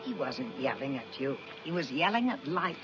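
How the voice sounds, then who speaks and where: An older actress playing a devoted, affectionate elderly wife in a film trailer, with a gentle way of speaking. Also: female voice, very deep voice, animated, normal speed. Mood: tender. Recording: muffled film trailer audio with music.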